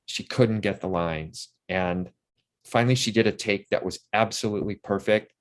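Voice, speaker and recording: A man's voice: lowish voice, normal speed. A man in his sixties, an interview guest and actor, telling long, rambling anecdotes full of restarts.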